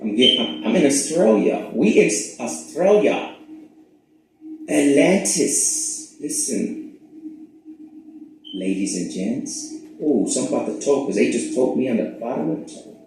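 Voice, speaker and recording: A man hosting his own spiritual channel, rambling in a profane, casual monologue that swings between loud bursts and hushed asides. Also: medium pitch, very animated, normal speed, a little hiss or hum. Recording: very echoey room.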